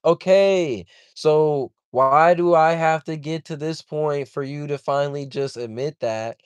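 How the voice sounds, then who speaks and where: A man venting on his livestream, heated and profane, circling back over his complaints as he rambles on. His voice is smooth and resonant, and it sounds close and dry with no room around it. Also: fairly high pitch, measured pace, few pauses, dry recording. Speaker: livestream host.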